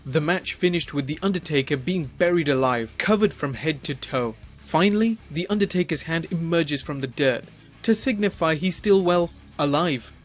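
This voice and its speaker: A man narrates a numbered countdown in a steady, explanatory voice-over. His voice sits a little higher than average. Faint music plays quietly beneath him. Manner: measured, reads numbered entries in an even explanatory tone. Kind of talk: scripted narration.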